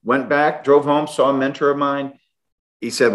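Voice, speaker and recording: Man, middle-aged, guest, storytelling, lively, restarts. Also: mid-range voice, normal speed. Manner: animated, with restarts. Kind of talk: storytelling in an interview.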